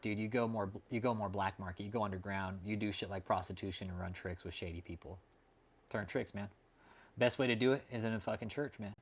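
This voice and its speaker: A man from Texas, hosting a livestream and chatting casually with viewers, swearing a lot, calling everyone dude and man, and often laughing at his own jokes. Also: lowish voice. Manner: profane and laid-back, calls people dude and man. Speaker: livestream host.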